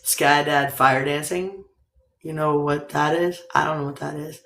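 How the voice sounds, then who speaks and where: Woman chatting on her live stream, rambly and laughy, kinda gravelly, echoey room. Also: low voice, fairly even intonation, measured pace, a bit bright, a little hiss or hum. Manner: rambling, laughs often, swears casually. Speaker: livestream host. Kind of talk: casual rambling livestream chat. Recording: roomy echo.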